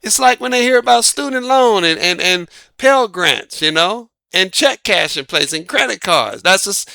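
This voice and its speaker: A man's voice: high-pitched, expressive, moderate pace, creaky, hardly any pauses, bright, forceful tone, dry recording, clean studio sound. A man giving dating advice in a folksy, emphatic casual monologue. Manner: folksy, emphatic, laughs at own jokes.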